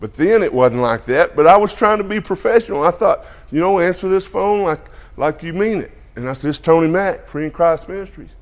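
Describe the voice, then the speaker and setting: Higher-voiced folksy preacher man. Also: lively intonation, a little fast. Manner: folksy, peppers speech with "amen" and "hallelujah". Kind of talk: sermon testimony to a congregation.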